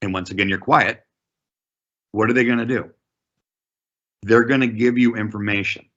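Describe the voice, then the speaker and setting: A man teaching a real estate negotiation class, coaching in a deliberate, emphatic way. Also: on the low side, fairly even intonation, fairly bright tone, dull audio.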